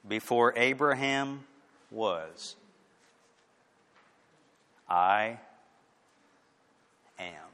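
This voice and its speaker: A man preaching a sermon, swinging from loud, emphatic declarations to hushed, quiet lines. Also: medium pitch. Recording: echoey hall with long reverb.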